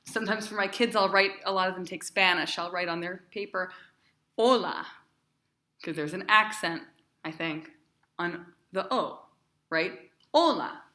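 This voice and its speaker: A woman's voice: on the low side, steady tone, moderate pace, sharp tone, roomy sound. A woman cantor teaching a class, chatty and encouraging, asking her students questions. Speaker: cantor teaching Torah cantillation.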